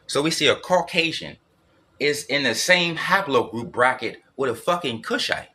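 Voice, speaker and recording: Man ranting in a forceful bright voice. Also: mid-range voice. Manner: blunt, profane and repetitive, circling back over points. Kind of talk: solo ranting monologue.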